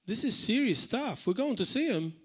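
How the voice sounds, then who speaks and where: A man's voice: high voice, lively intonation, moderate pace, breathy edge. A man preaching a live sermon in church, earnest and emphatic, repeating words for stress. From Malta. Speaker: pastor. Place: church hall, live service.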